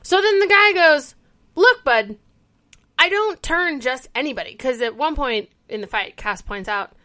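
Woman co-host, bright voice, slightly high, animated storytelling, casual chat. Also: a little slow. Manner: animated storytelling, acts out character quotes. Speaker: podcast co-host. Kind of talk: casual chat recapping a TV episode.

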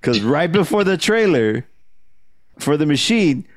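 A man's voice: a little high, sing-song, unhurried, no room sound. Young male podcast co-host, easygoing, laughs a lot, dry room. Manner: laid-back, laughs often, swears. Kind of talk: casual chat.

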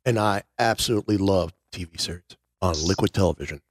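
A man's voice: low-pitched, fast, dry recording, clean studio sound. A man co-hosting a podcast, chatting casually, rambling and breaking off with laughs. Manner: rambling, self-interrupting, laughs while talking. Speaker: podcast co-host. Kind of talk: casual chat.

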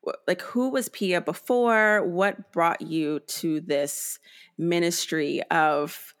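A woman hosting an interview, asking her guest questions gently and haltingly. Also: on the low side, steady tone, clear, resonant tone. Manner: gentle, hesitant questioning with soft backchannels. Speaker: podcast host. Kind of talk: slow, thoughtful interviewing.

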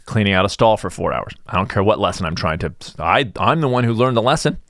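A middle-aged man hosting a casual solo podcast, rambling through self-deprecating asides and animated tangents. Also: on the low side, quick pace, no echo, clean studio sound. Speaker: podcast host.

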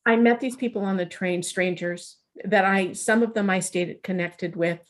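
A middle-aged woman appears as a guest in a conversational interview, telling a personal story with lively energy and acting out the dialogue she quotes. Her voice is mid-range and her pace moderate.

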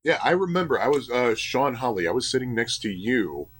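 Husky man with a lively voice. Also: medium pitch, a little fast. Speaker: podcast co-host. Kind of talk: casual podcast chat.

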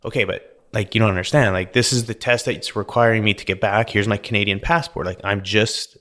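A man co-hosting a podcast, retelling a story in a casual, animated way full of "like"s. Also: fairly low pitch, a little fast. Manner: animated, filler-heavy retelling with many "like"s. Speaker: podcast co-host.

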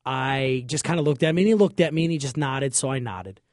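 A man's voice: medium pitch, brisk, darkish tone, no echo, studio quality. A man chatting casually, telling a long story with jokes and cleaned-up slang. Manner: chatty, joking, self-censoring slang.

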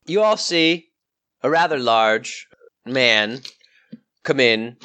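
A man narrating a tabletop game as game master, in a descriptive, measured way. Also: mid-range voice, expressive, sharp tone, clear, resonant tone.

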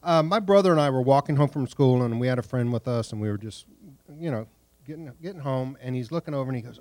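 A man from the congregation tells a funny personal story in a relaxed, casual way. His voice sits at a middle pitch. The sound is dry and close. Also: fast talker, dry recording. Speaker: congregation member. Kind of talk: telling an anecdote.

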